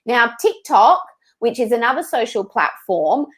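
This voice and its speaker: A woman speaks as an expert guest on a podcast, with a slightly higher voice. She talks in a lively, emphatic way and acts out the thoughts she quotes. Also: a little slow. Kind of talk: casual interview answers.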